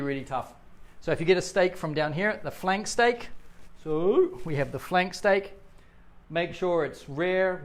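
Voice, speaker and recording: A man in his forties from New Zealand, with a New Zealand accent, giving a casual livestreamed English lesson and reading out viewer comments. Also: on the high side. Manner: chatty, reads out viewer comments. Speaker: English teacher.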